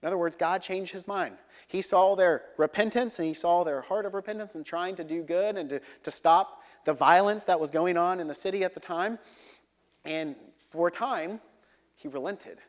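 A young man preaching a sermon, earnest, dropping to a low hush for emphasis. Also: normal speed, big-room sound. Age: young adult.

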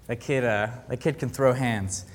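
Sharing his personal faith story with a group, a young camp counselor speaks earnestly but haltingly, restarting often as he searches for words. His steady, mid-range voice rings with the long reverb of a large hall.

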